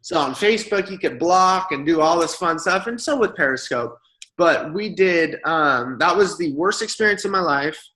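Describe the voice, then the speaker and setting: Upbeat bright-voiced man telling stories. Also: fairly high pitch, normal speed. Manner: animated, acts out quoted voices. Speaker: guest speaker. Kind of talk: casual storytelling. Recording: roomy echo.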